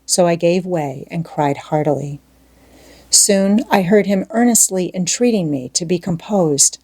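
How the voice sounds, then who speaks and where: A woman's voice: fairly low pitch, unhurried, darkish tone, husky. Woman reading a classic novel aloud. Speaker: audiobook narrator. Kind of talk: scripted narration.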